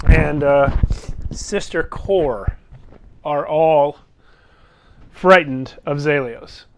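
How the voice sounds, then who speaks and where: A man's voice: on the high side, drawn-out words, background noise. A man narrating as game master of a tabletop game and calling out dice results.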